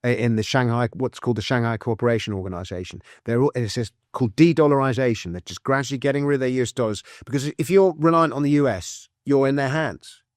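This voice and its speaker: A man, speaking as a guest author in a casual interview, chatty and explaining with quick restarts and asides. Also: mid-range voice, no echo, studio quality. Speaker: author and financial commentator, guest.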